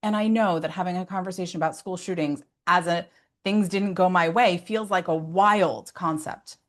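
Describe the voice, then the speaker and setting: Parenting educator, female, slightly low voice, earnest and conversational, peppers talk with asides. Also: steady tone, normal speed. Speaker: behavior specialist.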